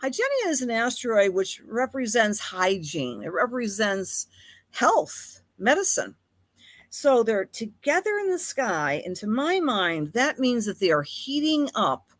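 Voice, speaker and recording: A woman from Buffalo, New York, with a Western New York accent, hosts a live-streamed astrology talk, chatting affectionately and greeting viewers by name. Her voice is fairly high with big swings in pitch, her pace unhurried, and there's no room sound.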